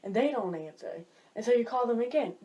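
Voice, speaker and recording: A woman talking casually to camera in a vlog, animated, jumping high when she mimics people and dropping low for asides. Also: fairly quick. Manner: drops low and quiet for asides. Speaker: vlogger.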